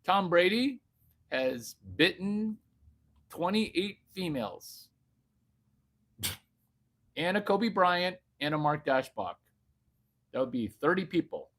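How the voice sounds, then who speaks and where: A man rants off the cuff in a slightly high voice that leaps all over the place. He talks slowly and crudely, swinging from loud outbursts to soft cooing baby talk. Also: lively intonation. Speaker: vlogger. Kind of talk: off-the-cuff comedic rant.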